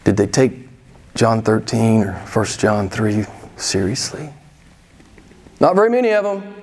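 A man's voice: on the low side, sing-song, a little slow, darkish tone. A pastor in his sixties preaching a candid, conversational sermon and putting pointed questions to his congregation in a church. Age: 60s. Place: church sanctuary.

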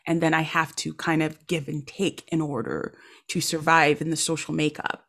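A woman from Nigeria hosting a podcast interview, talking in a relaxed, expressive way with emphatic exclamations. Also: sits low, moderate pace. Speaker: podcast host. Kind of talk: casual conversational interview.

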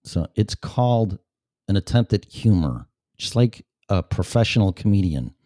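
A man's voice: fairly low pitch, sing-song, normal speed, mellow, no echo. A man hosting his own talk show, reading a chat room aloud and answering it in a blunt, sarcastic way with plenty of swearing.

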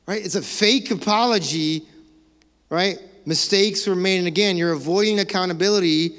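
A man preaching a sermon as pastor, animated and conversational, acting out excuses and laughing now and then. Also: high voice, brisk. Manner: animated, mock-quotes excuses, laughs often. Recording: long hall reverb.

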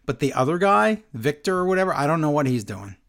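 A man's voice: on the high side, sing-song, fast, fairly bright tone. Chatty male podcast co-host. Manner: chatty, reads listener emails aloud. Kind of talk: casual chat.

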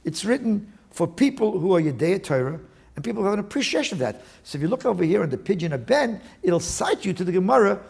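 A man interviewed as a guest, explaining his work in an animated, digressive way with many restarts. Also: high voice, quick pace, creaky, breathy edge. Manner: animated, digressive, with frequent restarts and Talmudic terms. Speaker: guest, attorney and index author. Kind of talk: casual interview talk.

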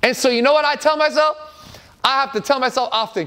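A man's voice: very high-pitched, quick pace, bright, forceful tone, clean tone. A man around forty preaching a sermon as a pastor, earnest and emphatic, repeating phrases for effect.

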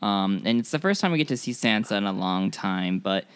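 A man hosting a podcast, asking questions in a halting, chatty way and laughing often. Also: on the low side, lively intonation, a bit bright, smooth, no echo. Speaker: podcast host. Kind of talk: casual chat.

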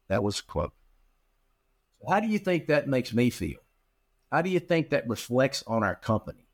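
A man's voice: medium pitch, normal speed, long pauses. A middle-aged man, a guest in an interview, telling a long anecdote and acting out the dialogue, with frequent restarts and repeated words. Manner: animated storyteller who acts out quoted dialogue. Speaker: interview guest, practice management consultant. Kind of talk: storytelling in a podcast interview.

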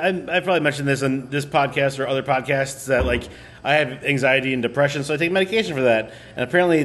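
A man hosting a podcast in casual rambling chat, halting and restarting, trailing off and laughing. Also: mid-range voice. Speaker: podcast host.

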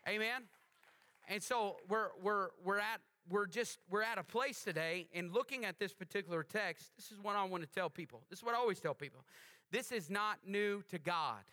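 A man preaching a sermon as pastor, animated, with call-and-response questions to the congregation. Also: sits high, normal speed.

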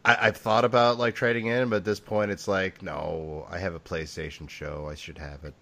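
Deep-voiced man with dry joking asides. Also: flat delivery, moderate pace, a bit bright. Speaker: podcast co-host. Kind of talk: casual chat.

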